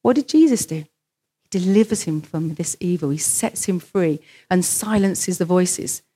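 A woman's voice: lowish voice, expressive, moderate pace, warm tone, slightly rough. A woman preaching a sermon in church, telling stories and acting out the voices of the people in them. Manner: storytelling, acts out quoted voices.

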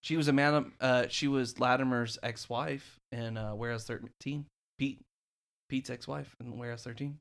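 A man co-hosting a casual chat, halting and restarting often as he talks. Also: medium pitch, steady tone, vocal fry, a bit bright. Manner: halting, with lots of stammered restarts.

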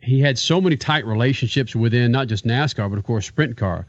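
A man's voice: medium pitch, fairly quick, no echo, highs cut off. A man hosting a radio show, reflecting on a driver and then promoting upcoming segments in an upbeat way.

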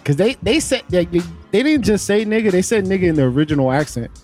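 A man in a casual group chat, laid-back and quick with jokes. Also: sits high, sing-song, darkish tone, faint music behind.

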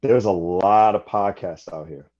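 A man hosting a casual radio interview, affirming his guests with quick okays. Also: low voice, a little mellow. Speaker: radio show host. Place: radio studio. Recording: dull lo-fi radio studio sound.

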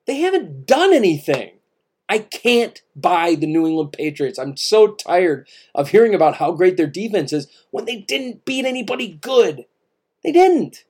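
Mellow-voiced man ranting about sports. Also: high voice, sing-song, moderate pace, husky. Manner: emphatic, repeats points, many restarts. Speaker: podcast co-host. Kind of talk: casual sports talk.

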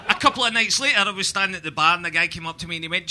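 A man's voice: a little high, very fast, very noisy. A Scottish man doing a live stand-up set, telling punchy stories with swearing. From Scotland. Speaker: stand-up comedian. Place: comedy venue with live audience.

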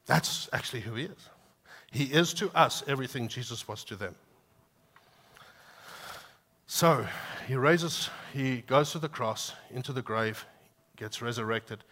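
Guy preaching a sermon, bright forceful voice, gets animated acting out the quotes. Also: medium pitch. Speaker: pastor.

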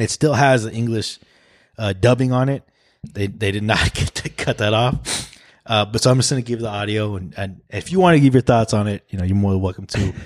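A man's voice: on the low side, no room sound, studio quality. A man hosting a casual podcast, laid-back and profane, often restarting his sentences. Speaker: podcast host.

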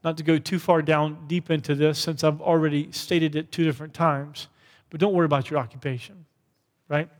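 A man's voice: a little high, flat delivery, fairly quick, big-room sound. A man preaching a sermon as pastor, in a conversational way, often checking in with "right?". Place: church hall.

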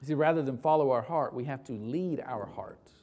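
Pastor, male, sermon delivery: emphatic, rhetorical questions, loud peaks dropping to hushed lines. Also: moderate pace. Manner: swings from loud urgent peaks to low quiet lines.

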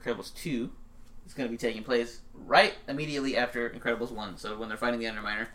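A man's voice: medium pitch, fairly even intonation, rapid-fire, sharp tone, poor audio. A man co-hosting a casual podcast chat, brash and joking, swearing a lot. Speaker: podcast co-host.

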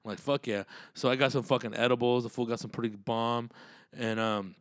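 A man's voice: mid-range voice, fairly even intonation, fairly quick, no echo, studio quality. A man hosting his own podcast, rambling in a loose monologue full of cursing and street slang. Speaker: podcast host and comedian.

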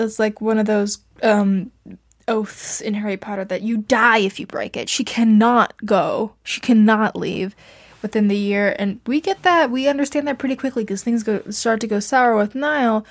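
A woman's voice: fairly high pitch, steady tone, normal speed. Chatty young woman rambling with a laugh. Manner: chatty and self-deprecating, laughs often, many fillers. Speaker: podcast host reviewing fan fiction. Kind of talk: casual rambling monologue. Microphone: home mic she adjusts herself.

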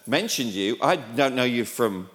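A man's voice: mid-range voice, animated, unhurried, a bit bright. A man with a British accent preaching as a guest, joking and self-deprecating. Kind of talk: sermon. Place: church sanctuary. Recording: long reverb of a large hall.

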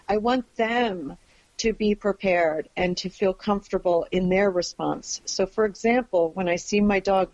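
A woman's voice: medium pitch, darkish tone. A woman speaking as a guest expert in a podcast interview, explaining earnestly and emphatically and often checking that the listener follows. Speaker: guest expert on dogs and families. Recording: dull lo-fi audio.

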